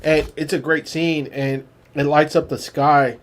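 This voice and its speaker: A man's voice: fairly high pitch, flat delivery, unhurried. A man co-hosting a casual comic book podcast, laid-back and swearing freely as he retells scenes. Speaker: podcast co-host.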